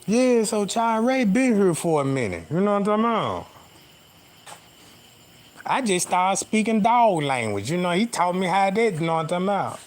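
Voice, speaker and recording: A man with a high-set voice streams from outdoors at night on his phone. He tells a winding comic tale in loose, slangy talk and keeps asking his listeners whether they follow. Faint crickets and a soft hiss of night noise sit behind him. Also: big pitch swings, moderate pace. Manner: rambling, slangy, keeps asking "you know what I'm talking about". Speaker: livestreamer. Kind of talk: casual comic storytelling to viewers. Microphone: phone camera.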